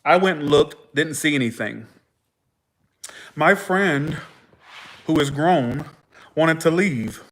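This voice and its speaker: A man's voice: a little high, animated, a little slow, pauses often, fairly bright tone. A young man with a slightly raised voice tells his stories loosely and animatedly. He swears freely and acts out everyone who talks in his tales as he goes. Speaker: tarot livestream host. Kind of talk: casual livestream storytelling.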